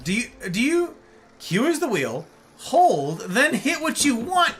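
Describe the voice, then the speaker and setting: A man's voice: high voice, huge pitch swings, moderate pace, sharp tone, soft background music. A man streaming a game live, exasperated and ranting about the controls while talking to his chat and a friend.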